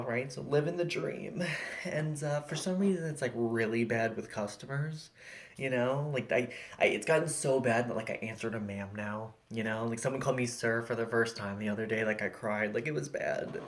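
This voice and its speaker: Chatty young man, self-mocking stand-up. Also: moderate pace. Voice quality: high-pitched, often mistaken for a woman. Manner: self-mocking, chatty, lots of likes and you-knows. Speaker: stand-up comedian. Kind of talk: stand-up set. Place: home. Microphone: laptop video call.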